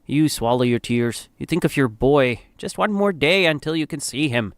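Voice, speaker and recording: A man's voice: medium pitch, moderate pace, no room sound, clean studio sound. Grave man narrating a somber story. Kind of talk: second-person dramatic story narration.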